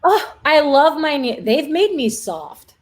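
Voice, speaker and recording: A woman's voice: sits high, big pitch swings, takes it slowly. Chatty giggly young woman. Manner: giggly, chatty storyteller, lots of "like". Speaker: guest. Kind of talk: casual chat.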